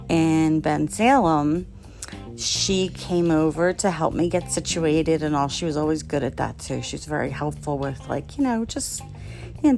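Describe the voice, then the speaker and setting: A woman's voice: low voice, creaky, darkish tone. A middle-aged woman from the Philadelphia area telling a family story casually, rambling with fillers and laughing often. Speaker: storyteller, podcast host.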